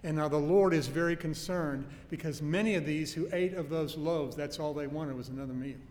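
A man preaching a sermon in an earnest, emphatic way, slowing down to stress key phrases. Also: on the high side, darkish tone. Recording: faint noise and long hall reverb.

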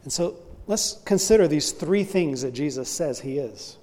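Male preacher, raised pitch, mellow tone, emphatic teacher who asks rhetorical questions, long hall echo. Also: expressive, moderate pace. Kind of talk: expository sermon.

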